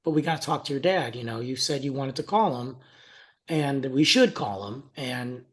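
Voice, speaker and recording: A man's voice: medium pitch, expressive, normal speed. Podcast co-host, young adult man, chatty storyteller who quotes others. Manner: storytelling, acts out quotes, laughs often. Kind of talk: casual podcast chat.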